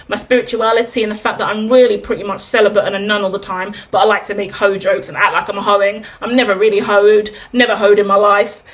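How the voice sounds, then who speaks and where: A woman in her thirties giving a candid, chatty tarot reading, asking herself rhetorical questions and swearing freely. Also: mid-range voice. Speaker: tarot reader. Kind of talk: casual tarot reading monologue.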